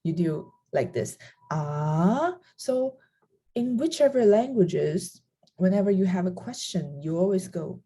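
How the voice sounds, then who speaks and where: A young adult woman whose first language is Chinese leads a beginner lesson, speaking slowly in a soft, husky voice. She stops to voice each tone aloud as she explains it. Her tone stays low and mellow. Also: animated. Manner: demonstrates tones by voicing sounds, with laughs. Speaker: language teacher.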